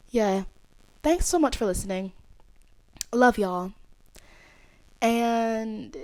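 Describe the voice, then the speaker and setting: A woman's voice: on the high side, no room sound, clean studio sound. Playful young woman podcaster. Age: 20s. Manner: playful, slangy, rambling with laughs. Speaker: podcast host. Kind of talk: casual solo podcast chat.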